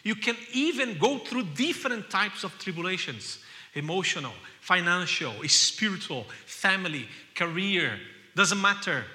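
A man preaching a sermon with passion, repeating key phrases and building to loud cries. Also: high voice. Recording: long hall reverb.

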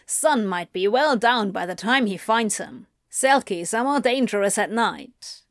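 A woman's voice: medium pitch, lively intonation, measured pace, dry recording, studio quality. A woman reading as a grumpy, drawling male demon. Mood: dry. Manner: drawling, cool, sweary. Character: grumpy, blunt male demon, sarcastic and dry.

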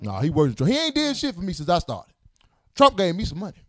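A young man co-hosting a casual chat show, ranting loudly in a profane, joking way. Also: sits high, wildly swooping pitch, quick pace, no echo, studio quality. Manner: loud, profane, joking rants. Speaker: podcast co-host.

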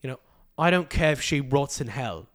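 A man's voice: mid-range voice, lively intonation, moderate pace, fairly bright tone, lightly acted. A man doing a pompous, spiteful football star. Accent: mock English.

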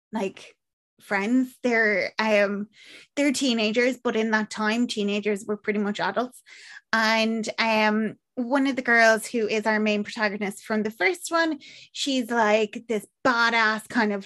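An Irish woman co-hosting a podcast recaps a film in casual chat, her voice a little high and fairly bright. She rambles, leans on lots of fillers, and acts out quotes.

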